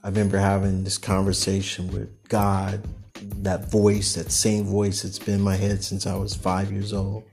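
A man hosting a podcast, telling a personal story in a rambling, animated way and acting out what people said. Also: low voice, normal speed, creaky, faint music behind. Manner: rambling, animated, acts out quotes. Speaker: podcast host.

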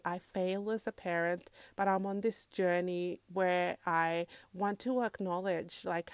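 A woman's voice: mid-range voice, no echo. A woman in her thirties from Africa, talking earnestly to camera about being a parent and often addressing her viewers as "guys.". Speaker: parenting vlogger. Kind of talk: casual talk to camera.

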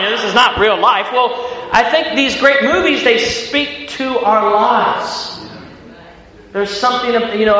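High bright Ohio country-accented preacher. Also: male voice. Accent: Ohio country American. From Ohio, US Midwest. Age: late 30s. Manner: energetic, repeats words, frequent fillers. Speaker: pastor. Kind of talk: sermon. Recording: echoey hall, dull sound.

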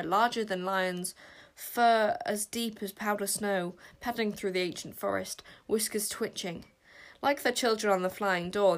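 A woman reading a children's fantasy story aloud with expressive narration. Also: mid-range voice. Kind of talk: audiobook narration.

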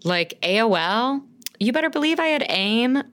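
A woman's voice: fairly high pitch, expressive, normal speed, background noise. A woman in her thirties co-hosting a podcast, rambling and gushing in casual chat and swearing freely. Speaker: podcast co-host.

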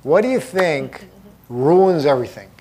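Energetic man teaching a seminar. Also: on the high side, unhurried, breathy edge. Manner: energetic, emphatic, addresses the audience directly. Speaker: motivational speaker. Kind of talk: live seminar talk.

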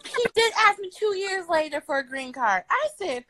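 A woman's voice: extremely high pitch, sing-song, normal speed, bright, forceful tone, dry recording, low-quality recording. A woman telling a brash, profane story on a live video stream, laughing and breaking into song. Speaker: guest storyteller. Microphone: phone on a live video stream.

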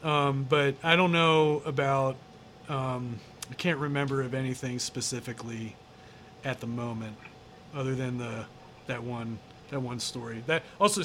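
A man's voice: mid-range voice, background noise. A man as an interview guest, telling a story casually in a rambling way, with many fillers and some swearing.

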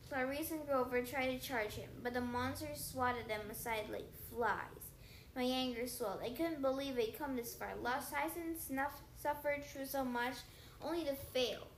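A woman's voice: high-pitched, moderate pace, a little hiss or hum. Woman reading a story aloud, roomy sound. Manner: lively, with small stumbles and self-corrections. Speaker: audiobook reader. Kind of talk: first-person story reading.

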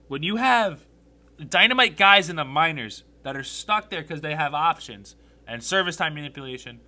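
A young man hosting a solo sports podcast, animated and blunt, swearing freely as he rants about his team. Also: fairly high pitch, moderate pace.

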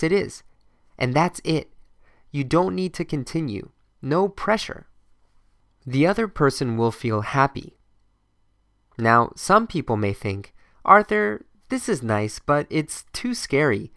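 Slow, careful male English teacher. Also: mid-range voice, fairly bright tone, no room sound, clean studio sound. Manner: slow, clear modeling of phrases for learners to repeat. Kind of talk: scripted podcast lesson.

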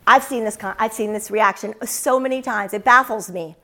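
A woman's voice: mid-range voice, moderate pace, bright, forceful tone. A middle-aged woman preaching a sermon, fervent and emphatic, repeating key lines for effect.

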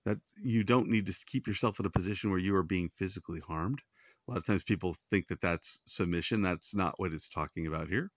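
A man's voice: deep voice, fairly quick, no echo, lo-fi sound. A man hosting a devotional podcast, giving earnest, conversational Bible teaching straight to his listeners. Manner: earnest, pastoral, addresses listeners directly.

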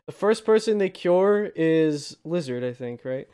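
A man chatting casually about a film, halting and repeating words as he restarts his sentences. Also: on the high side, lively intonation, dark tone, clean tone. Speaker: film discussion co-host. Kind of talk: casual chat.

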